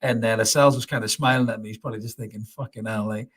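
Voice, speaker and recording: A man with a Geordie accent talks through a live reaction stream from his house, reading out viewer comments. His voice is husky and sits at an ordinary middle pitch. He swears freely and doubles his words for emphasis. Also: steady tone, rapid-fire, a bit bright. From North East England. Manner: swears freely and repeats himself. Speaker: fan channel host reading comments. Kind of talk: live post-match reaction chat. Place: at home, indoors.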